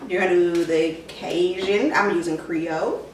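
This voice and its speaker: Chatty young woman talking viewers through a home recipe, filler-heavy and relaxed, heard from across an echoey kitchen with background noise. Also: fairly low pitch, unhurried, recorded from a distance. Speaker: cooking vlogger. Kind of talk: casual cooking tutorial.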